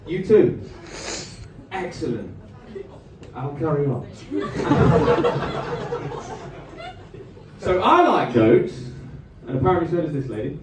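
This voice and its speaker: A man performing stand-up into a handheld mic, his fairly high voice bouncing all over the place as he teases the crowd. The sound is heavily echoey and taken from a distance in the club, with a clear layer of noise behind him. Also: huge pitch swings. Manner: chatty crowd work, quick asides to the audience. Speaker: stand-up comedian. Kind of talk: stand-up comedy set. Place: comedy club stage before a live audience. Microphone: handheld stage microphone.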